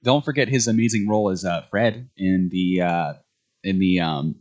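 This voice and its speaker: Low-voiced easygoing young man. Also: normal speed, highs cut off. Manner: relaxed, joking, with frequent fillers. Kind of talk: casual podcast chat.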